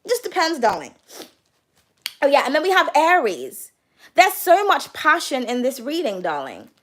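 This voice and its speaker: High-voiced woman giving a chatty tarot reading. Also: wildly swooping pitch, normal speed, a bit bright. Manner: chatty, calls listeners "darling", swears freely. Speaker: tarot card reader.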